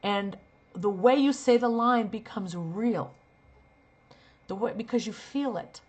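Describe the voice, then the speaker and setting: A woman's voice: mid-range voice, slow. Woman teaching an acting lesson. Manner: demonstrates lines, shifting from earnest to sarcastic. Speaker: acting coach and talent manager.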